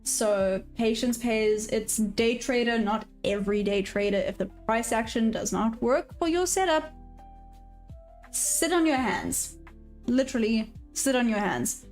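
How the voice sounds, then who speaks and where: A woman's voice: on the high side, measured pace, darkish tone, soft background music. A woman from Africa, chatting casually on a trading livestream, reading viewer comments aloud and laughing often. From South Africa. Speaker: day-trading livestream host.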